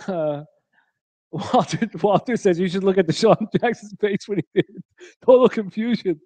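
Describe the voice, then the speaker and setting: A man with a fairly high voice hosts a late-night betting stream and reads out the chat. He jokes crudely and laughs often. The sound is dry and close, with no room echo. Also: animated, normal speed, a little mellow. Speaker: sports betting show host. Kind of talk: live-stream chat reading. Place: hotel room.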